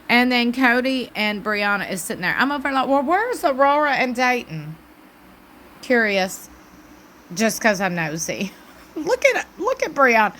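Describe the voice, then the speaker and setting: A woman's voice: on the high side, bright, forceful tone, slight background noise. A woman, chatting animatedly and emphatically as she recaps a TV episode. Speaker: TV recap YouTuber. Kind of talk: casual chat recap.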